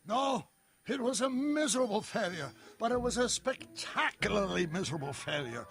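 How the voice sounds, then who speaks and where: A man voicing an eccentric, excitable older male inventor in a video game, theatrical and given to sudden outbursts. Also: high voice, normal speed, faint music behind, full character voice.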